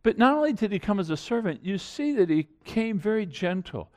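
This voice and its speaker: A man's voice: high-pitched, big pitch swings, a little fast. A middle-aged man preaching a sermon in an earnest, conversational way, building to emphatic points. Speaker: pastor.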